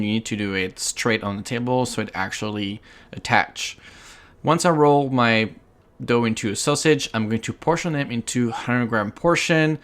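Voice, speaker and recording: A man's voice: lowish voice, a bit bright. A man with a French accent, a chef hosting his own cooking tutorial, chatty and playful as he explains each step. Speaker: chef and cooking show host.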